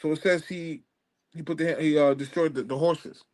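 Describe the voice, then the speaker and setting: A man with a slightly high voice calls into a Bible debate stream. He presses his questions steadily and persistently and reads scripture passages aloud. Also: fairly even intonation, normal speed. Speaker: caller.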